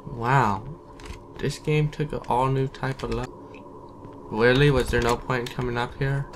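A man talks through a horror game at a relaxed, slow pace, jumping at scares and cursing at enemies. His desk mic picks up clear keyboard typing behind him. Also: medium pitch, noisy background. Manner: jumpy, swears and taunts enemies. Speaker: let's play gamer. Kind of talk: casual horror gameplay commentary.

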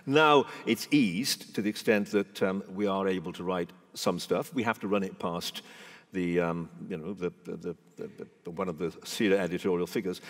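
An older man, a veteran broadcaster and guest in a live on-stage conversation, speaking in a forthright, emphatic way and often restarting his sentences. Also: low voice. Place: large event hall before an audience. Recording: long hall reverb.

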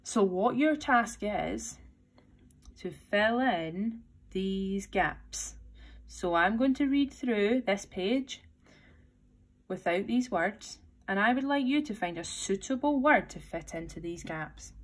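Teacher lady reading a kids' book aloud, slow clear instructions. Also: medium pitch, expressive. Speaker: primary school teacher.

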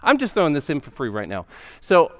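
A man's voice: fairly high pitch, wildly swooping pitch, brisk. A male pastor preaching a sermon in a conversational storytelling manner, acting out the characters' voices. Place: church sanctuary. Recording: long hall reverb.

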